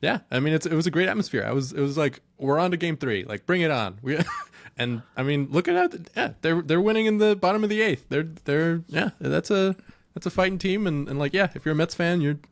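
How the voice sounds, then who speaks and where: A man's voice: on the high side, a little fast, gravelly, no echo, clean studio sound. A man co-hosting a casual sports podcast, easygoing and agreeable, chuckling often. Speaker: podcast co-host.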